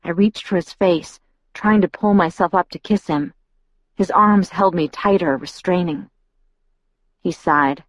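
Female audiobook narrator; even, steady first-person reading, slightly low voice, dry studio sound. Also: unhurried, dry recording.

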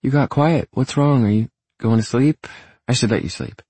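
A man's voice: medium pitch, moderate pace, warm tone, breathy edge, no room sound, pitched above the performer's own voice. A man voicing a chatty, cheerful young woman who rambles eagerly about things she loves. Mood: worried. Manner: gushing, rambling, upbeat.

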